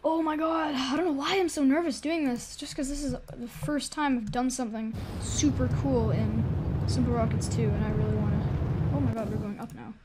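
High-voiced chatty woman commenting on gameplay. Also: fairly quick, background noise. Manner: chatty, excitable, rambling. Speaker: gaming YouTuber. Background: background music.

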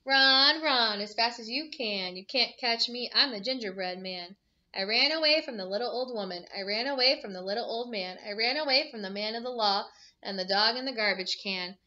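Sing-song taunting gingerbread cookie boy voiced by a woman, brisk, high, muffled recording. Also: sharp tone.

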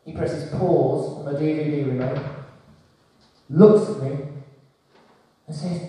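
A man's voice: on the high side, slow, pauses often, dark tone. A man in his forties performing a stand-up comedy set, telling stories and acting out voices. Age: 40s. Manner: storytelling with acted-out voices. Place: comedy club stage. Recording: echoey hall from far off.

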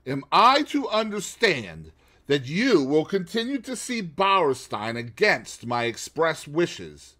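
A man voicing a proud, angry middle-aged English husband who bursts out loudly. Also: on the high side, wildly swooping pitch, takes it slowly, pitched above the performer's own voice, heavily acted. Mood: indignant. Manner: loud, indignant outbursts.

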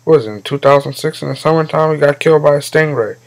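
A man's voice: fairly high pitch, fast talker, low-quality recording. A man hosting a comedic commentary monologue, blunt and mocking, cursing freely as he rants. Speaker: host.

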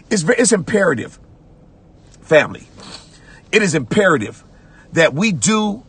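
A man preaching a sermon as pastor, repeating phrases and breaking into shouts while reading scripture. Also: high-pitched, vocal fry, breathy edge. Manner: preaching with repetitions, rising to shouts; conversational church talk, "watch this".

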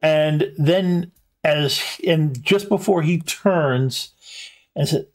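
A man narrating a tabletop game as game master at a live convention show, halting with many ums and restarts. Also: fairly high pitch, darkish tone.

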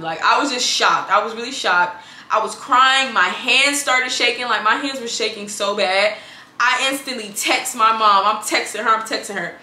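A woman's voice: a little high, normal speed, bright, forceful tone, reverberant. A young woman vlogger chatting casually to camera, telling her story and calling her viewers girl and y'all.

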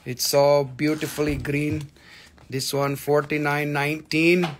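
A man's voice: fairly high pitch, little pitch movement, unhurried, slight background noise. A man hosting a live mineral sales stream, talking in a joking, rambling, playful way as he announces prices. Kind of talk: casual live selling banter.

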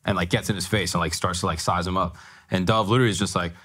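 Deep fast-talking guy telling a story, lots of likes, sits back from the mic. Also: steady tone, fairly bright tone. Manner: rambling storyteller with many "like"s. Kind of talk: telling a story in casual talk.

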